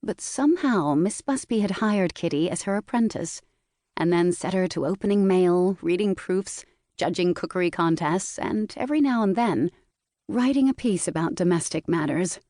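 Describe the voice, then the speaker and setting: Woman, audiobook narrator, measured storytelling, lowish mellow voice, booth recording. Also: expressive, dry recording, studio quality. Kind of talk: scripted narration.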